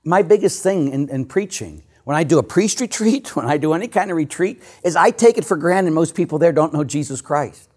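Priest, 50s or older, animated preacher who laughs at himself, lively swooping delivery. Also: male voice, fairly high pitch, fairly quick, breathy edge. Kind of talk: sermon.

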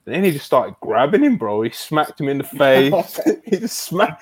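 With a mid-range voice at normal speed and hardly any pauses, this wrestling podcast co-host keeps the review chat casual. He's animated and slangy, curses a lot and drops "bro" constantly.

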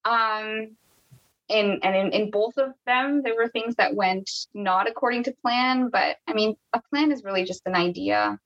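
A Canadian woman talks through a long personal story as a guest, full of restarts and quick quoted exchanges. Her voice sits at an ordinary middle pitch. The sound is a little dull and lo-fi. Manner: chatty, many restarts and quoted dialogue. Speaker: podcast guest. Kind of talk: casual storytelling interview.

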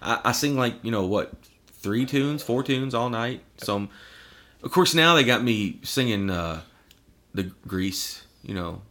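A man's voice: medium pitch, animated, measured pace, bright, forceful tone. A man guesting on a podcast, telling stories in casual chat and acting out the voices of the people in them. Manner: storytelling, acts out voices, laughs often.

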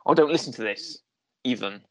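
A man's voice: mid-range voice, brisk. A man hosting a casual review chat, rambling and searching for words with a joking tone. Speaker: podcast host.

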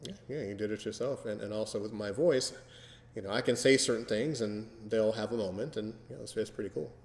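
A man with a low voice, chatting casually as a podcast host. He talks slowly and deliberately, with lots of ums and restarts. He sounds like he is in a roomy space with a long, ringing reverb. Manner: slow, deliberate, many fillers. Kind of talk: casual chat. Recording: echoey room with long reverb.

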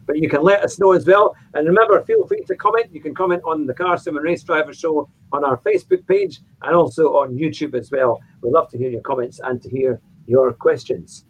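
Man, show host, casual chat, husky voice, slightly high, lo-fi sound. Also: brisk, hardly any pauses. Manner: relaxed, chatty, says "aye". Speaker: podcast host. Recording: dull lo-fi sound.

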